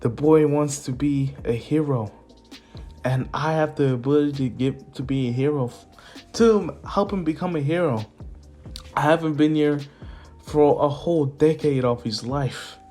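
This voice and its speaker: A man voicing a dying, battle-worn demigod father who talks quietly and tenderly, over faint lo-fi music. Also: on the high side, a little slow, close to an everyday voice. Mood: pleading.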